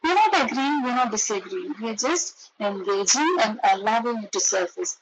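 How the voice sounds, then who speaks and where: A woman with an Indian English accent delivers a parenting lesson in a somewhat high voice. She explains each point earnestly and slips into playing the parent and the child as she goes. She sounds middle-aged and steady, like a seasoned educator. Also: normal speed, slight background noise, low-quality recording. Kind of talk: parenting talk.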